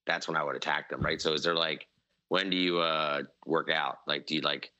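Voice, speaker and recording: A man's voice: very deep voice, steady tone, fairly quick, pushed and bright, dull audio. A man joking around in profane, casual podcast chat.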